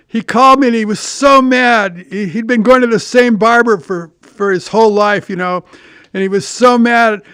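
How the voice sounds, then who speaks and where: Older man, podcast host, high voice, rambling casual stories, smooth tone. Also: a bit bright, dry recording, clean studio sound. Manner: rambling anecdotes with restarts and profanity. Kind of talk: casual storytelling monologue.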